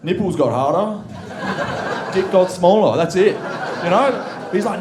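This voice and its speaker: A man's voice: sits high, expressive, a little slow, long pauses. A man doing a rambling, profane stand-up set on a comedy club stage. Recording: roomy club with loud crowd laughter.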